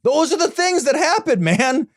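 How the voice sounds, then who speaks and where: A man's voice: very high-pitched, very animated, normal speed, no echo, studio quality. A man co-hosting a podcast, talking politics in a heated, crude and sarcastic way. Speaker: podcast co-host. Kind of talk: casual political chat.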